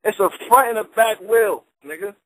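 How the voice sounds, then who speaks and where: High-voiced brash rapper on a call-in. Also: male voice, moderate pace, fairly bright tone. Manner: brash, mocking, talks over others. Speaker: battle rapper guest. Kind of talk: heated call-in banter.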